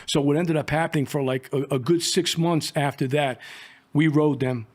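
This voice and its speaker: A man's voice: a little high, steady tone, moderate pace. A middle-aged man, telling rambling, profane stories from his years as an undercover agent and acting out the dialogue. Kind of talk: casual storytelling.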